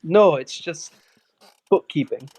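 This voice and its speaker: Chatty, slightly high-voiced male player. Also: takes it slowly, darkish tone, slightly rough. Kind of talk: tabletop role-play chat.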